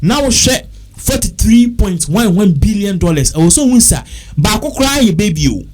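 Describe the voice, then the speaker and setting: Rambling Ghanaian man, fairly high voice. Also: expressive, moderate pace, darkish tone. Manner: rambling, repetitive, thinking aloud with figures. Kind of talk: casual talk mixing English and Twi.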